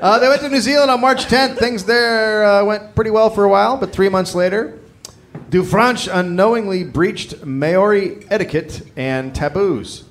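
A man co-hosting a live comedy podcast, reading a story from notes and breaking off to joke and shout. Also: sits high, moderate pace. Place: live stage before an audience. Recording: live show, audience noise behind.

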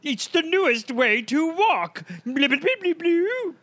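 Man playing a nonsensical, childish senator, high and bright, very bouncy. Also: sing-song, unhurried, no echo, exaggerated voice. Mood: goofy. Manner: goofy, spouts nonsense sounds. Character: silly babbling male senator, nonsensical and childish.

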